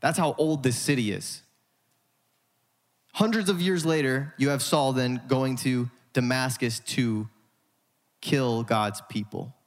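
A male pastor preaching a sermon in an emphatic style with dramatic pauses, in a church sanctuary. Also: medium pitch. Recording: hall reverb.

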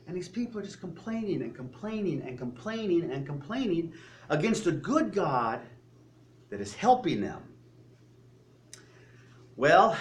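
A man preaching a sermon, telling stories with joking asides and animated retellings. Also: fairly high pitch. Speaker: pastor.

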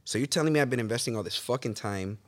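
A man telling stories from his life as a guest in a casual interview. He is animated, swears often and calls the listener bro and dude. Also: medium pitch, rapid-fire. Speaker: podcast guest. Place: real estate office.

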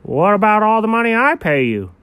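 A man with a fairly high, animated voice plays the exasperated straight man in comedy banter. His replies come quick, and the sound is dry and close. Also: smooth, no room sound. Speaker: comedy co-host.

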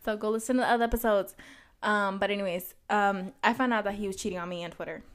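A woman's voice: medium pitch, fairly even intonation, quick pace. A young woman from co-hosting a casual podcast chat, playful and swearing freely. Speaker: podcast co-host.

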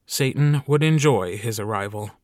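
A man's voice: on the low side, normal speed, no echo, studio quality. A man reading a short story aloud as an audiobook narrator. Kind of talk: scripted narration.

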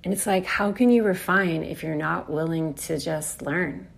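With a low-pitched, slightly rough voice and vocal fry, a woman speaks at normal speed in a reflective, earnest spiritual talk on astrology. The astrology speaker swears casually and acts out inner voices.

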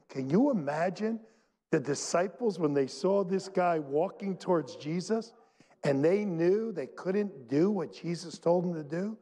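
A man pastor preaching a sermon to his church, emphatic and full of dramatic pauses. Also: high-pitched, animated, mellow, husky. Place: church sanctuary. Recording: long reverb in a large hall.

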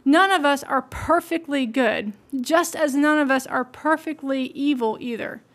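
Woman podcaster, high voice, earnest and motivational, talks it through thoughtfully. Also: unhurried. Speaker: podcast host. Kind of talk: reflective solo podcast talk.

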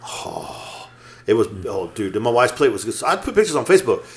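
Profane, lively man in his fifties. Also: mid-range voice, fairly quick, slight background noise. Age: 50s. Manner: profane, joking, laughs often; storytelling, lively delivery. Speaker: podcast co-host. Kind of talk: casual chat.

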